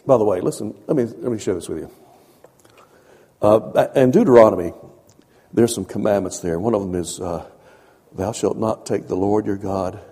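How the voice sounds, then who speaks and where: A man preaches a sermon, talking to his listeners like a conversation and repeating phrases as he builds his points. His voice is mellow and a little husky, dropping to soft asides and rising to emphatic lines. The sound carries a long reverb like a large hall. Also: fairly low pitch, moderate pace, long pauses.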